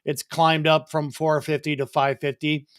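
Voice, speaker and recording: A man speaking as a guest, explaining in a measured way with some hesitant fillers. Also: a little high, flat delivery, clean tone, no echo, studio quality. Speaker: loan officer guest. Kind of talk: casual explanatory answers.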